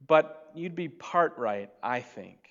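A man preaching a sermon at an unhurried pace. His delivery swings between loud, emphatic lines and soft, hushed asides. The recording sounds dull and lo-fi. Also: a little high, expressive. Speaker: pastor.

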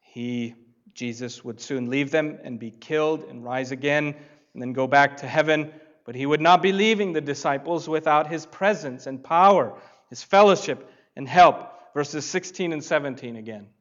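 A man preaching a sermon, reading scripture and rising to loud emphasis on key phrases. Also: a little high, moderate pace. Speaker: pastor. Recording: dull lo-fi sound.

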